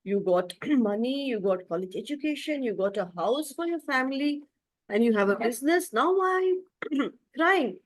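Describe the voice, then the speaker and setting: A woman's voice: high voice, expressive, normal speed. A woman telling a story, voicing a kind, selfless old male tree who speaks tenderly to the boy he loves. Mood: worried. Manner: tender and doting.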